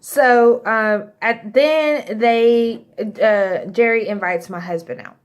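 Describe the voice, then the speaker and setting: A woman's voice: on the high side, slow pace. A woman vlogger telling a casual storytime, rambling and correcting herself as she goes and acting out what others said. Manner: rambling, self-correcting, acts out quotes.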